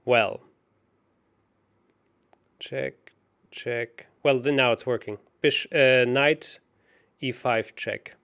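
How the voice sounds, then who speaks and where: A man co-hosting a chess show, working through puzzles out loud in a hesitant, self-mocking way. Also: mid-range voice, extremely slow, vocal fry, pauses often, clean tone. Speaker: chess co-host solving puzzles. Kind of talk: casual puzzle-solving chat.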